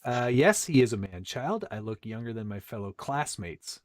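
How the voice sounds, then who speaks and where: A man's voice: medium pitch, animated, moderate pace, no room sound, studio quality. A man co-hosting a live stream, chatting casually, teasing his co-host and reading viewer comments aloud. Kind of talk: casual chat.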